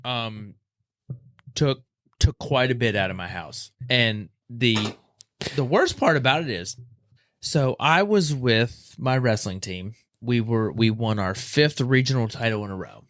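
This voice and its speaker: A man's voice: mid-range voice, lively intonation, a little slow, fairly bright tone, dry recording. Podcast host, male, laid-back and rambling, dry close-mic sound. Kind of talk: casual storytelling chat.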